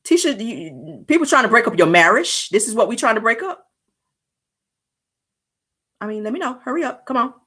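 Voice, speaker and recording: Sassy lady host dishing celeb gossip, husky voice, pitch all over the place, keeps laughing. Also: sing-song, normal speed, long pauses, a bit bright. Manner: sassy, teasing, reacts to viewer comments; laughs often. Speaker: show host. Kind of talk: casual celebrity gossip commentary.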